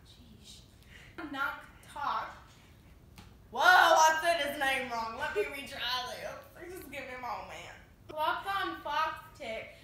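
A woman's voice: sits high, expressive, takes it slowly, bright, forceful tone, a little hiss or hum. A woman reading tongue twisters from a children's book aloud, often stumbling over the words and laughing at herself. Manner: giggly, self-mocking, trips over words. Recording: echoey room.

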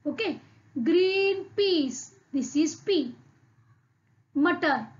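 High, very slow Indian English teacher. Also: female voice, expressive, lo-fi sound. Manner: repeats words slowly and asks the class questions. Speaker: primary school English teacher. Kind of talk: slow, deliberate online lesson for young children.

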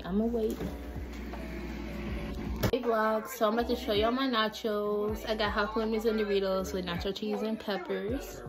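A woman's voice: medium pitch, flat delivery, normal speed, music in the background. A young woman talking casually in a vlog, reflective and chatty, filling her talk with "like". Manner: chatty, many "like" fillers, reflective. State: out of breath. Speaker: vlogger.

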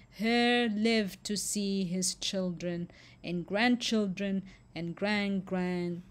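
A woman teacher tells an animal fable at an unhurried pace. She stops often to ask her listeners questions and leans hard on the key words. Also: fairly low pitch. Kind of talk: storytelling lesson.

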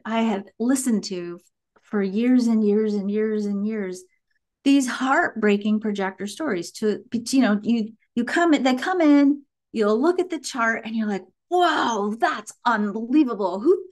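Middle-aged woman, podcast guest, high-ish voice, animated storyteller. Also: unhurried. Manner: animated storytelling, acts out quotes. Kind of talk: casual podcast chat.

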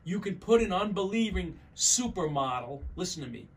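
A man's voice: sits high, sing-song, moderate pace. A man preaching a sermon as pastor, emphatic and repeating his key phrases, often calling his listeners folks.

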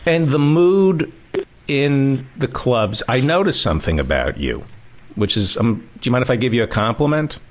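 A man's voice: mid-range voice, sing-song, moderate pace. A man hosting a casual interview, asking teasing, provocative questions. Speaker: podcast host.

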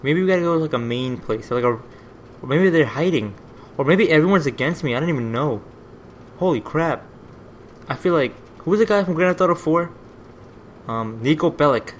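A man hosting a gaming video, giving rambling let's play commentary that is easily excited and full of swearing. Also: a little high, fairly quick, pauses often, a little hiss or hum.

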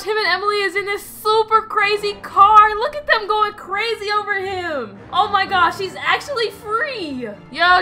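High bright excitable woman narrator. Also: measured pace, few pauses, soft background music. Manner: exclamatory, slangy, reads chat aloud. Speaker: gameplay narrator. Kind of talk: excited game commentary.

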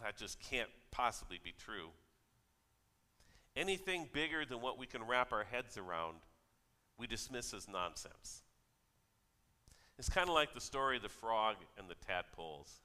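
A pastor preaches a sermon in a church, his mid-range voice carrying a sharp tone. He keeps it conversational, telling stories and quoting other people's voices, and the recording picks up the reverb of the church hall.

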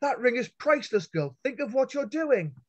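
A man's voice: very high voice, big pitch swings, normal speed, voice pushed up, exaggerated voice. A man voicing an angry, protective father who roars his objections while reading a story aloud. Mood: roaring. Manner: roaring. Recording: dull lo-fi online call audio.

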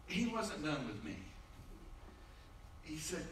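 A man's voice: a little high, lively intonation, moderate pace, very noisy. A middle-aged man preaching a conversational sermon, telling humorous stories and acting out the voices he quotes. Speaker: pastor. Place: church sanctuary. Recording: echoey church from far off.

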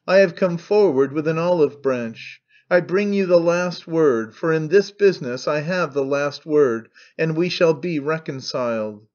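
A man voicing an excitable, pompous old male orator who declaims grandly and defiantly. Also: on the high side, measured pace, few pauses, lo-fi sound, natural voice. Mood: declaiming.

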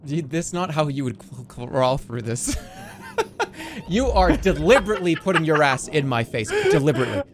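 A man streaming a game, joking around in goofy banter that swings from mumbling to yelling. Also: fairly high pitch, big pitch swings, moderate pace, background noise. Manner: playful, jumps from mumbling to yelling.

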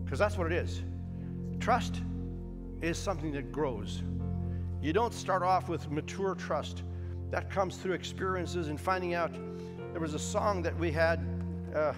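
An older man preaching a sermon as pastor, reading scripture slowly and emphatically with light jokes in between. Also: on the high side, big-room sound, loud music behind the voice. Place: church sanctuary.

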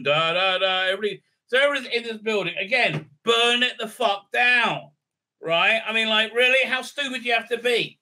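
Male reviewer, sarcastic and mocking, with a very bright, tense tone and a slightly high voice. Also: normal speed. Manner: sarcastic, mocking, slips into silly put-on voices. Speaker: show host reviewing a TV episode. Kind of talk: casual recap and review.

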